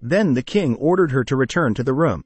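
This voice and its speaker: Husky man narrating an anime recap. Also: mid-range voice, brisk, dry recording. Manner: steady plot retelling. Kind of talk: scripted story narration. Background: faint music.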